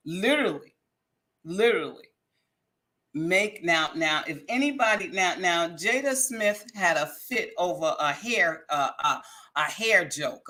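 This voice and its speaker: A woman's voice: sits low, bright, forceful tone. A woman giving casual reaction commentary on a clip, blunt and opinionated, with chatty restarts.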